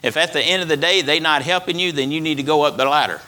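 A man's voice: a little high, quick pace, pushed and bright. A man preaching a sermon as pastor, repeating phrases for emphasis and letting his voice rise and fall. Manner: preaching with rising and falling emphasis.

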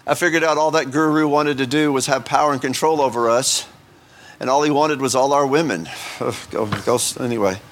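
A man preaching an informal sermon at a medium pitch. He keeps it conversational and joking, and often throws questions at the congregation. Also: steady tone, normal speed. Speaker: pastor.

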